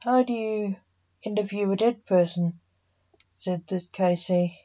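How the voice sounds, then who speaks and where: A woman's voice: mid-range voice, measured pace. Woman reading a fantasy story, muffled. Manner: reads all characters in a mostly even narrating voice. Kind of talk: scripted narration of a fantasy story. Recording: muffled lo-fi recording.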